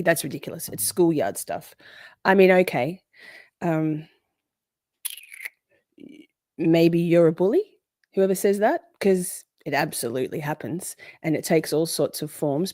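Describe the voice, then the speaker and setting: Woman, 40s, livestream host: loose, chatty, swears freely, lower-pitched voice, dry close sound. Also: warm tone, dry recording. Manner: chatty, swears, greets viewers by name. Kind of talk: casual livestream chat.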